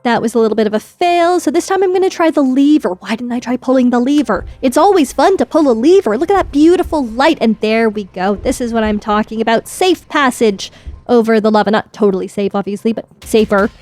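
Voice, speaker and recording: A woman's voice: fairly high pitch, animated, a little fast, a little mellow, no room sound, faint music behind. A woman giving playful, chatty, jokey commentary while playing a video game. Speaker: gaming YouTuber. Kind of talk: casual let's-play commentary.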